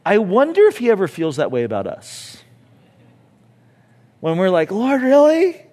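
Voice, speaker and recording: A male pastor delivering a sermon in a fairly high, very lively voice that climbs and dips a lot. He keeps it conversational and slips in joking asides, then leans into the key phrases with real emphasis. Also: normal speed.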